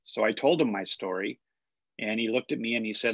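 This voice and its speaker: A man's voice: on the low side, a little fast, gravelly, a bit bright, breathy edge, dry recording, lo-fi sound. An older man, a guest in an interview, telling a personal story in a hesitant way, often repeating and restarting his words. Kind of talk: storytelling in a conversation.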